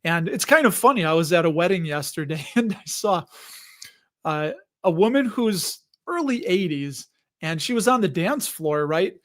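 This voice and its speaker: A man in his forties hosts a relaxed live stream with a high voice. He talks in a loose, rambling way, greets viewers by name and laughs often between lines. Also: moderate pace. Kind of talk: casual live stream chat.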